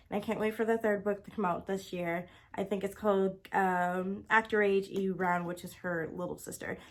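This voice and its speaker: A woman vlogger chatting casually and enthusiastically about her favorite books, gushing with lots of exclamations. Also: mid-range voice. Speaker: book vlogger. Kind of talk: casual chat. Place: home, indoors with her cat.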